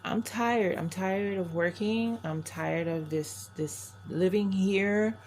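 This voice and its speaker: A woman's voice: mid-range voice, takes it slowly, darkish tone, a little hiss or hum. An older woman from New York, a crafting vlogger chatting candidly to camera, rambling and often restarting her sentences. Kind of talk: casual chat to camera.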